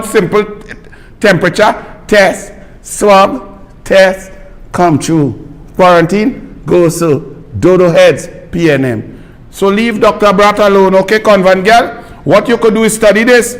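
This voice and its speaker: A Trinidadian man hosting live political commentary with a scornful, heated, insulting delivery. His voice sits high for a man. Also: unhurried, long reverb tail.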